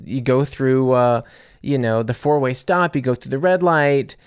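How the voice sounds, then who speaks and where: A young American man from Louisiana, telling a story in a casual, animated way with sarcasm and plenty of fillers and restarts. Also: mid-range voice, measured pace, smooth, no echo, studio quality. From Louisiana, USA. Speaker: podcast host reading listener comments.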